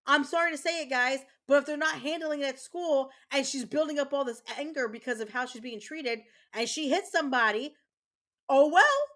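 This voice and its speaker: A woman streamer who is a mother angrily rants to her chat while playing a game, swearing and repeating herself. Her voice sits high and a bit bright, and she speaks briskly with hardly any pauses.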